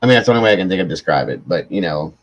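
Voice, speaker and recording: A livestream host with a very low, deep voice, tired after hours on air. He rambles through stories in loose, casual chat and swears freely. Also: lively intonation, rapid-fire, low-quality recording. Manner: rambling, profane storytelling.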